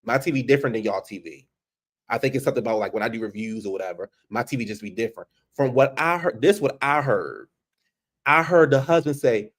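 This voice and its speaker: Man, show recap, casual, animated, profane, repeats himself. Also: medium pitch, quick pace. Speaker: show reviewer. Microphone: on camera.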